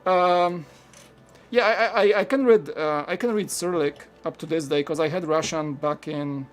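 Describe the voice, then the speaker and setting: Building a toy set on a live stream, this man from Poland talks in a relaxed, rambling way, filling his speech with "like" while he takes questions from chat. He has a Polish accent and a voice on the high side at normal speed.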